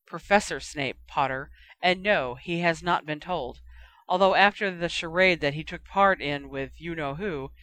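A reader voicing a stern older woman professor, speaking in a measured, quietly firm way. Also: medium pitch, no room sound. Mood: grave. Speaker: Professor McGonagall.

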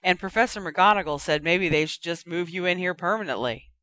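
An earnest, clever teenage girl speaks in a brisk, serious way, as the reader puts her on. The voice is bright and crisp, read close to the mic in a dry room. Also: medium pitch, no room sound, lightly acted.

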